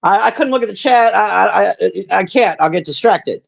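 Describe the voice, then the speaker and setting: A woman's voice: medium pitch, lively intonation, normal speed, vocal fry. Brief: woman streamer, blunt and profane, chatting straight to her viewers, sighing between points. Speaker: livestreamer reading chat. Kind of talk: casual livestream rant.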